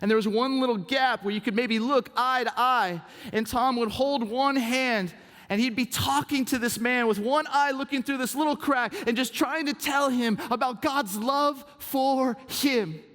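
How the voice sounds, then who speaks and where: A man preaching a sermon as pastor, telling stories in an animated way, swinging from hushed to exclaiming. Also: very high voice, measured pace. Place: church auditorium. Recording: reverb from a large hall.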